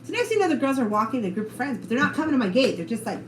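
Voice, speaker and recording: A woman's voice: sits high, big pitch swings, racing. A woman telling stories in casual chat, acting out the voices of the people in them and swearing freely. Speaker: storyteller on a podcast. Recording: roomy room with background noise.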